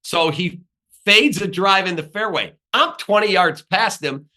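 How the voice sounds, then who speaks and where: A man with a strikingly bright, forceful voice, pitched a little above the usual for men. He tells animated sports stories as a podcast guest and acts out the people he quotes. He is recorded in a podcast studio. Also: measured pace. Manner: lively storyteller who acts out the people he quotes.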